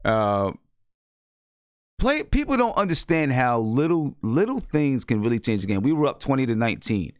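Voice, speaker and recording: A man hosts a casual sports talk show and tells coaching stories with animated energy, voicing the people he quotes. His pitch is middling for a man, and the sound is dry and close to the mic. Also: normal speed, no echo. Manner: animated storytelling, acts out quoted lines. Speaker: show host and girls' basketball coach. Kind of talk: casual chat.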